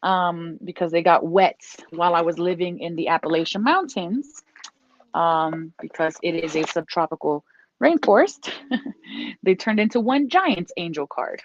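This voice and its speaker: A tarot reader with a lowish voice and lively intonation gives a casual reading at a measured pace. She's encouraging, tends to repeat herself, and sometimes pauses to scold her dog, all in a dull, dry lo-fi recording.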